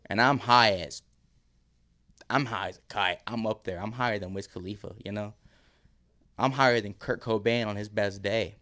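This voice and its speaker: A man's voice: fairly low pitch, normal speed, pauses often, pushed and bright. A man casually telling a story on a podcast, laid-back, using slang and laughing often. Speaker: podcast guest.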